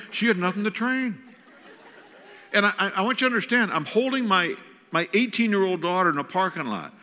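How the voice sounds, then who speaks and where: Lively older man telling stories in a hall. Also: high voice. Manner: animated, self-mocking storyteller acting out scenes. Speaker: guest speaker. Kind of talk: humorous storytelling sermon. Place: large church auditorium. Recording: long hall reverb.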